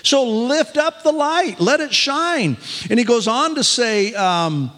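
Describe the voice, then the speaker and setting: Older male pastor, chuckling, folksy delivery, animated pitch, echo of a big room. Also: slow. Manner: folksy, self-deprecating, chuckling. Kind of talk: sermon.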